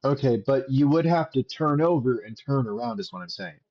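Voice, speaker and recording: A man's voice: mid-range voice, lively intonation, brisk, highs cut off. A man running a tabletop game as game master, teasing his players and laughing easily.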